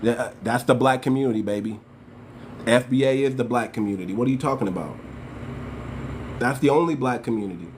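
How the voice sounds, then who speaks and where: Hosting his channel, a man from the United States delivers impassioned, slangy political commentary directly to viewers, repeating points for emphasis. His mid-range voice moves fairly quickly but with long pauses, and there's a slight hiss or hum.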